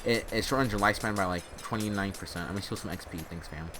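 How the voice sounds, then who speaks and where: A man's voice: fairly low pitch, over loud music. Rambling young guy telling a story. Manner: rambling, halting, many restarts. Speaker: storyteller and gamer. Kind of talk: rambling casual storytelling while gaming.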